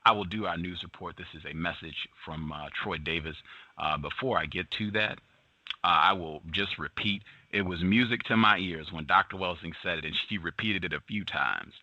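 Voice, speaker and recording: A man hosting a talk show, giving news commentary in a halting way, with many fillers and emphatic repetition. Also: sits low, pushed and bright, no echo. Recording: dull lo-fi sound.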